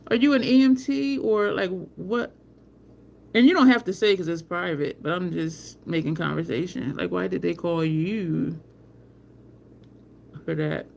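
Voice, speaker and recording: A woman with a fairly low, slightly mellow voice and vocal fry talks at a moderate pace as she hosts a casual livestream from home. Sitting by an open balcony window with faint traffic outside, she tells rambling stories, answers comments, addresses chat as "y'all" and laughs often.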